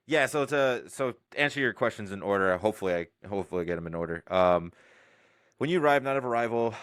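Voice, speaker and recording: A man who is a Navy drill instructor, answering interview questions in a relaxed, rambling way with laughs between points. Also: on the low side, clean tone, no room sound, clean studio sound. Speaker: Navy recruit division commander, guest.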